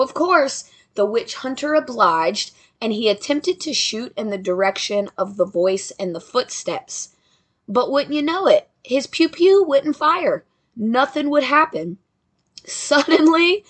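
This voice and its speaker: A woman's voice: on the high side, fairly bright tone. Chatty woman telling a ghost story. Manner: chatty, joking asides to listeners. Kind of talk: casual storytelling narration.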